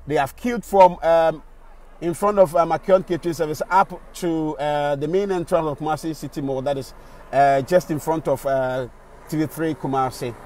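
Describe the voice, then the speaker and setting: Ghanaian man, slightly high voice, indignant street commentary, outdoors on a phone camera. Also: steady tone, moderate pace, darkish tone, a little hiss or hum. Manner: indignant, repeats rhetorical questions, mixes English and Twi. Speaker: radio presenter and vlogger. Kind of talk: on-the-spot video commentary.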